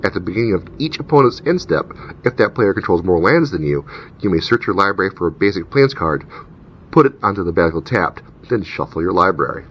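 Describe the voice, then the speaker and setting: Very low-voiced man for a casual unboxing; reads names and rules aloud, slightly muffled. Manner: reads card names and rules text aloud, chatty asides. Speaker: channel host opening card packs. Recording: dull lo-fi recording with faint rumble.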